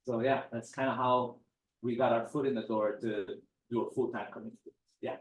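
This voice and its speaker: A man's voice: medium pitch, moderate pace, far from the mic. Middle-aged man, easygoing storyteller at a talk, a bit off-mic in an echoey room. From Hawaii. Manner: relaxed storyteller, animated quoted dialogue. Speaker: guest speaker. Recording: roomy sound, speaker off-mic.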